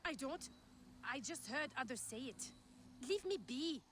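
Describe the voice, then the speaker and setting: A prickly, evasive market trader, with a high voice and an odd accent. She brushes off questions in a defensive, dismissive way, over a faint hiss. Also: lively intonation, unhurried.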